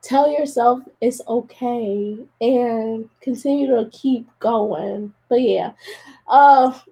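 Tearful woman with a gravelly voice. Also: a little high, slow, warm tone. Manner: emotional, encouraging, addresses listeners as y'all. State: tearful, crying while talking. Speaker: podcast host. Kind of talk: casual solo podcast monologue.

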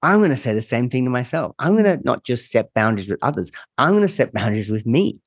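A man's voice: medium pitch, big pitch swings, fast, dry recording. A man talking as a therapist guest on a podcast, candid and casual, swearing now and then, with a sarcastic streak.

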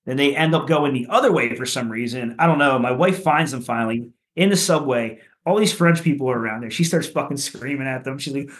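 This Philadelphia man, a punk rock musician, talks a little fast with hardly any pauses while telling stories on a podcast. His casual storytelling is loose and profane, heavy on "like"s and "you know"s, and he gets animated, his voice rising at the funny parts.

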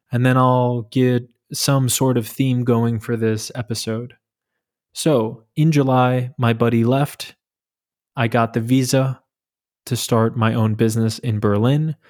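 Flat-voiced New York man hosting a podcast. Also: mid-range voice, measured pace. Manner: relaxed, joking, storytelling with fillers. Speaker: podcast host. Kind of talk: casual solo podcast monologue.

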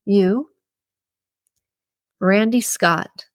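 A woman voicing a lonely, awkward working man at a bar who stammers, in her own slow reading voice. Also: mid-range voice, no echo, clean studio sound. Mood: eager.

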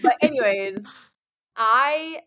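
A woman's voice: fairly high pitch, animated, takes it slowly, bright, forceful tone, a little hiss or hum. A woman in her thirties, a guest on a podcast, talking candidly about her business and laughing often. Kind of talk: casual interview chat.

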